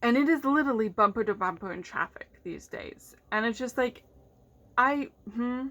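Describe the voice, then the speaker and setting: A woman's voice: a little high, animated, moderate pace, a bit bright. Blunt, swearing woman ranting. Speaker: vlogger. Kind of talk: casual ranting vlog.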